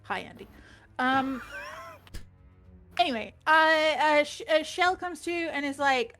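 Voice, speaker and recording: A woman's voice: on the high side, normal speed, a bit bright, faint music behind. A woman recapping a tabletop game session in casual chat, rambling and swearing freely.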